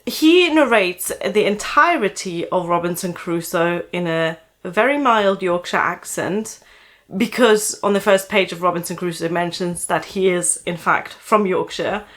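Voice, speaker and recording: Lady with a light german accent doing a casual book vlog, lots of little uh pauses. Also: lowish voice, fairly bright tone. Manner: thoughtful, with frequent "uh" pauses. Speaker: book vlogger.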